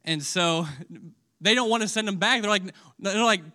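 Male preacher, high pitch, emotional sermon delivery that swings between loud and hushed. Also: unhurried. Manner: asks audience questions.

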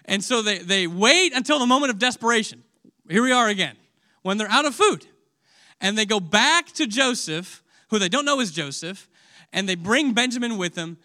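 Male preacher, high pitch, emotional sermon delivery that swings between loud and hushed. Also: animated, normal speed. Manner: asks audience questions.

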